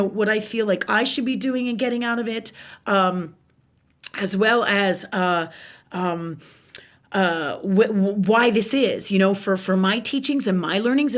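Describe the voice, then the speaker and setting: A woman's voice: medium pitch, moderate pace. A woman hosting a live spiritual talk, telling stories to her viewers with frequent fillers, restarts and casual swearing. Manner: animated storytelling, swears freely, many fillers and restarts.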